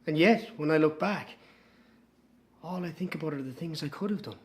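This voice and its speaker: An actor with an Irish accent playing a young man, her lost twin, speaking in a hushed, brooding dramatic monologue for an audio drama. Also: fairly high pitch, normal speed, lightly acted. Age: young adult.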